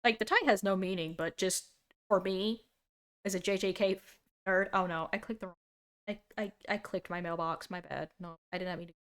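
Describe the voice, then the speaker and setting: A young woman in her twenties reacting on a stream in casual talk. She drifts between dry sarcasm and bursts of laughter. Her voice sits in a middle pitch for a woman. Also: fairly quick. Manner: animated, laughs a lot, sarcastic.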